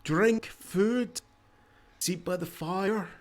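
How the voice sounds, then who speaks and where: A man's voice: high-pitched, very slow, pitched above the performer's own voice. A man voicing a chatty, fussing tavern keeper who greets travelers in a raised, eager voice. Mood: welcoming. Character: fussy welcoming tavern keeper.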